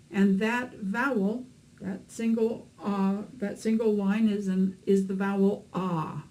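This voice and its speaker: A woman's voice: medium pitch, darkish tone, rough recording. A woman teaching beginners to read Hebrew, explaining letters and vowels patiently with a few fillers. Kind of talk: instructional lesson narration.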